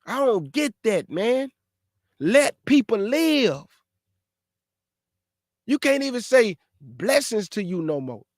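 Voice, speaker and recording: A man with a high, bright-sounding voice preaches on a livestream. He talks straight to his viewers in a lively, exasperated way, recorded close and dry. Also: slow, pauses often, dry recording. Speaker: host of a live show.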